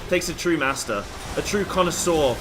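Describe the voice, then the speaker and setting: A man chatting casually on a live stream while gaming, quiet and distracted, repeating himself. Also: a little high, moderate pace. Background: game music.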